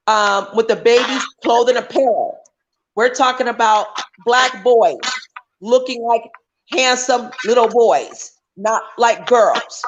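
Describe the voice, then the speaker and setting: A woman's voice: a little high, muffled recording, background noise. A woman talking on a livestream call as a guest, emphatic and often restarting her sentences. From United States. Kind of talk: casual chat.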